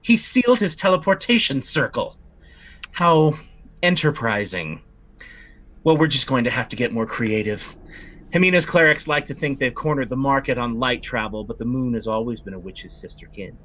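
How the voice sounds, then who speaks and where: A man's voice: medium pitch, animated, normal speed, fairly bright tone. A man voicing a sly, imperious witch woman who curses when crossed, in a tabletop game. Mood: irked. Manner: tart, cursing when crossed.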